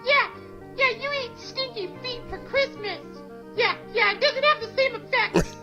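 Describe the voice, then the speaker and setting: Squeaky, childlike furry puppet monster on a foul-mouthed rant, dull lo-fi clip with music. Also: male voice, a little slow.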